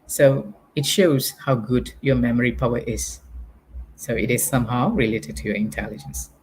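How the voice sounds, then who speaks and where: A man with a Malaysian English accent, teaching an online English lesson in a lively, teacherly way. His voice sits at a medium pitch, with faint background noise in the recording. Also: normal speed. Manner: animated, exaggerates intonation to teach.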